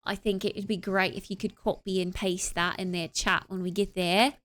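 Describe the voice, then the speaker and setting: Bright, chatty young woman streamer. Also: mid-range voice, level tone, normal speed. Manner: chatty, rambling with filler sounds; playful, tries out accents. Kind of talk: casual end-of-stream chat.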